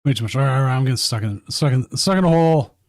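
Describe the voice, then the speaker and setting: A man's voice: mid-range voice, lively intonation, rapid-fire, darkish tone, dry recording, clean studio sound. A man chatting casually and rambling while streaming a card tournament. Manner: rambling, talks with mouth full at times.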